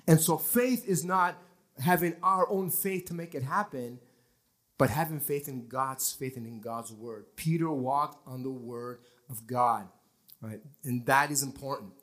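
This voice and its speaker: A male pastor preaching a lively sermon in a church, acting out scenes and quoting scripture. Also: medium pitch, a little slow. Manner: animated preaching, acting out people straining to believe.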